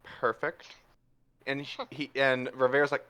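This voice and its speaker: A man narrating a tabletop game as game master, telling the action in a playful, animated way. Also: medium pitch, normal speed, clean tone.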